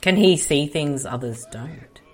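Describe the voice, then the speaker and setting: A woman's voice: low-pitched, animated, unhurried, a little hiss or hum. A woman chatting bemusedly over a movie, hesitant and often lost. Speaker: movie commentator. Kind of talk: casual movie riffing chat.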